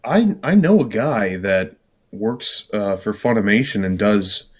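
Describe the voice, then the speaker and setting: A woman chatting as a guest on a live stream, lively and joking. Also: very deep voice, unhurried, husky. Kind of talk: casual live-stream chat.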